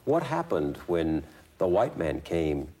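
A man interviewing a guest, measured and probing in his questions. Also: deep voice, big pitch swings, warm tone.

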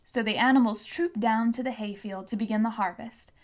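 A woman reads a classic novel aloud as an audiobook narrator. Her voice sits somewhat high, and she tells the story steadily and clearly. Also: fairly quick. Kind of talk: scripted narration.

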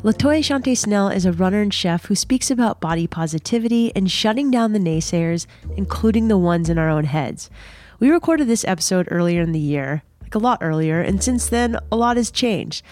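A woman's voice: medium pitch, animated, moderate pace, a little mellow. A woman hosting a podcast, reading an upbeat scripted intro and setting up the guest's story. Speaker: podcast host.

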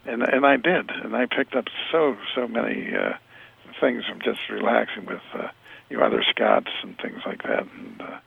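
An older man telling stories as an interview guest, rambling and halting with many restarts. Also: mid-range voice. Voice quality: gravelly, husky. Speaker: interview guest, retired football scout. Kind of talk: storytelling over the phone. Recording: tinny phone line.

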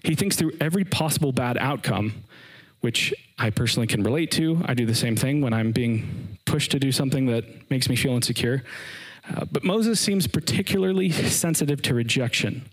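A man's voice: mid-range voice, normal speed, husky, poor audio. A man giving a casual, earnest sermon, retelling scripture with slang asides. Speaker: preacher.

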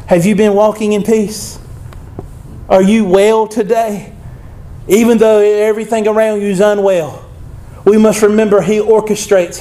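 Male preacher, high voice, conversational sermon, scripture reading. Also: warm tone.

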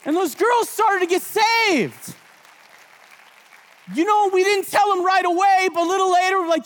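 High-voiced preacher shouting in a big hall. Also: male voice, moderate pace, pauses often, a faint crowd. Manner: animated storytelling, acts out his group with shouted bursts. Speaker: pastor. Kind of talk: energetic conference sermon. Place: large hall with long reverb. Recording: reverberant hall, from a distance.

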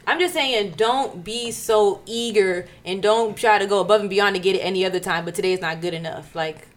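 A woman's voice: mid-range voice, a little fast. A woman hosting a casual podcast, teasing and emphatic, often laughing as she talks. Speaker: host.

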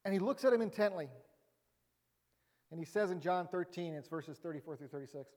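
A man's voice: sits high, fairly quick, long reverb tail. A man pastor preaching a sermon in a conversational, humorous way with emphatic rising bursts.

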